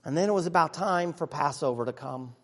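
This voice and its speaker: A man playing an earnest, excitable disciple who tells his own story in a church monologue, chatty with sudden hushes and bursts. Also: fairly high pitch, fairly quick. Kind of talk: first-person dramatic monologue. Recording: long reverb of a large hall.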